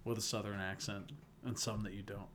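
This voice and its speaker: A man's voice: fairly low pitch, little pitch movement, fairly bright tone, a little hiss or hum. A young man co-hosting a casual sports podcast, playful and teasing. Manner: playful, teasing, quick to laugh. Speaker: podcast co-host.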